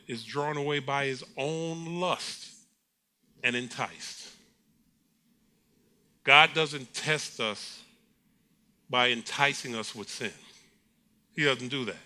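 Middle-aged preacher guy, really bright voice, lively storytelling sermon w/ laughs. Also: a little high. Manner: animated storytelling preacher, acts out quotes, laughs often. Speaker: pastor.

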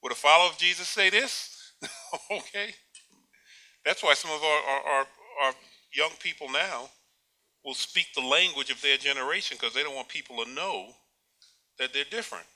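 High, sharp-voiced male preacher. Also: moderate pace, long pauses. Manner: rhetorical questions, repeats words, chuckles at own points. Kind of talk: sermon.

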